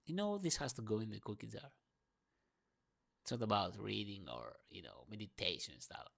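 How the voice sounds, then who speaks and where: A young man speaking English as a second language, with a gravelly, creaky voice and a pitch that leaps and dips all over the place. He rants through a personal monologue, swearing freely and swinging between loud outbursts and near-murmured asides. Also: sing-song, normal speed. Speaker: vlogger. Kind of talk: morning rant monologue.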